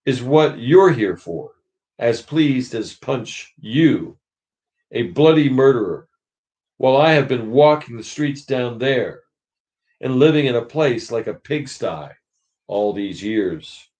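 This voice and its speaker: A man's voice: mid-range voice, lively intonation, takes it slowly, a little mellow. A man reading aloud and voicing a blustering, self-righteous big ghost from a storybook. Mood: resentful. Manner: aggrieved, blustering.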